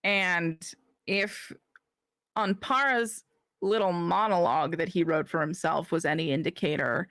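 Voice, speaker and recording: A woman game master narrating a tabletop game in a deliberate, halting way. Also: lowish voice, fairly bright tone, no echo.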